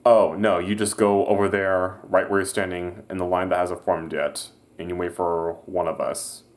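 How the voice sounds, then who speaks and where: A man's voice: low-pitched, level tone, normal speed, natural voice. A man voicing a sarcastic young woman cashier giving a smart-aleck answer.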